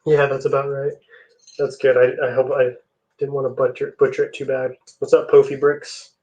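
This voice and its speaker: A man's voice: mid-range voice, moderate pace, muffled recording. A young man hosting a live stream, chatting casually with viewers while he builds. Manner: relaxed, chatty, answers chat messages.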